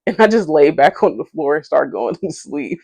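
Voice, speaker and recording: Lively young woman telling a storytime. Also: low-pitched, moderate pace, vocal fry, dry recording. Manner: animated, profane, slangy, acts out quotes in her own voice. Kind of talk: casual storytime.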